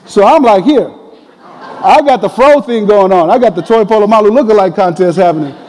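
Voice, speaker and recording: High-voiced preacher man in an echoing hall. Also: a little fast. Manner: conversational, animated retelling with quoted voices. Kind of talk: sermon with personal storytelling.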